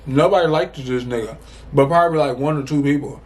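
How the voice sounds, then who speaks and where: A man's voice: medium pitch, a little fast. Young man telling a rambling, profane story. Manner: animated, profane, rambling with restarts. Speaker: storytime vlogger. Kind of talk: casual storytime.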